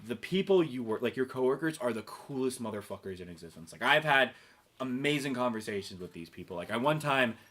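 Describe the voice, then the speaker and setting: A man's voice: medium pitch, expressive, brisk, fairly bright tone. A young man, a podcast guest, chatting casually in a rambling way with lots of fillers and swearing. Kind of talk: casual chat.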